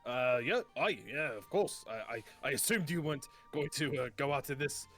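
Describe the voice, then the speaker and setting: A man voicing a stocky, hearty male dwarf barkeep who talks in a gruff, folksy way with loud bursts. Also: mid-range voice, animated, normal speed, faint music behind, natural voice.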